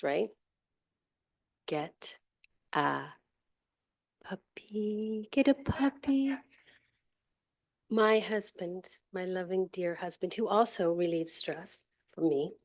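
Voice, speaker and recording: A woman giving an impromptu club speech about stress, humorous and laughing often. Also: lowish voice. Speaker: table topics speaker.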